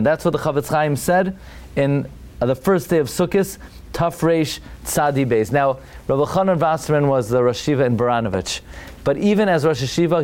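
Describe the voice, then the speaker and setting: Dramatic storytelling rabbi, higher-voiced man. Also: darkish tone. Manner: dramatic, emphatic, with many restarts; sprinkles Hebrew and Yiddish terms. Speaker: rabbi teaching a class. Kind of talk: storytelling Torah lecture.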